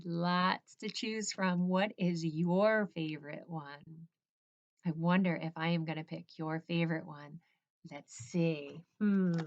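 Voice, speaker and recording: A woman teacher guides children through their morning routine, sounding encouraging, sing-song, and playful. Her voice is mid-range with no echo, captured on a slightly dull lo-fi recording.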